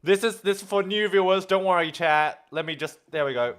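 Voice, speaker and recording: An Australian man streaming, chatting casually with his viewers in an animated, playful way and swearing often. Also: high voice, fairly quick, clear, resonant tone. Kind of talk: casual livestream chat with viewers.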